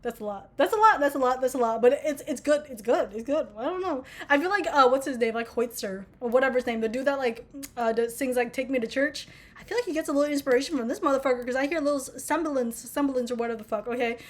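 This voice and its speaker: A young woman vlogging in a casual, excitable rant, gushing and swearing freely. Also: high-pitched, quick pace.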